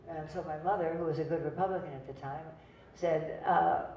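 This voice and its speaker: A woman's voice: sits low, steady tone, fairly quick, background noise. An older actress telling chatty, digressive stories at a cinema event, laughing at her own jokes. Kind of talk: rambling anecdotal storytelling. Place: cinema venue before an audience. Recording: distant roomy lo-fi venue recording.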